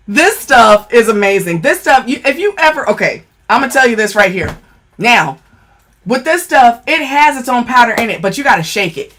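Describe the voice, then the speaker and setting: A woman's voice: fairly high pitch, sing-song, moderate pace, noisy background. Blunt, profane woman reviewing makeup. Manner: blunt, profane and emphatic, keeps saying "okay?". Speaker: beauty vlogger. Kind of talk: casual makeup product review.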